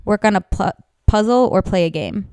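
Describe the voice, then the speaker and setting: Smooth-voiced young woman hosting a chat. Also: medium pitch, animated, normal speed, mellow, no echo, clean studio sound. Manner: chatty storyteller, swears freely. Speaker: podcast host. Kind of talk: casual chat.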